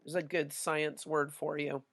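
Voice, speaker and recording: A woman's voice: low-pitched, flat delivery, unhurried. A middle-aged woman teacher, chatting through a classroom lesson with stories and many fillers. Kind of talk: casual classroom lesson with anecdotes.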